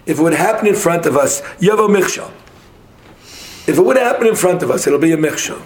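Man arguing a Talmud passage, mid-high voice. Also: expressive. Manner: argumentative, quick, mixing English with Hebrew and Aramaic terms. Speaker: Talmud study partner. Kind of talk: casual Talmud study session.

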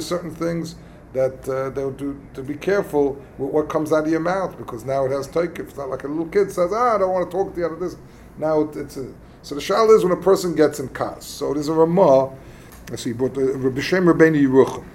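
Guy teaching a text class, kinda high voice, stops and restarts a lot, acts out little arguments, faint hiss. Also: darkish tone. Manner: halting, explains texts plainly and acts out quarrels. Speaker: religious teacher. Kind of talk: casual text study lesson.

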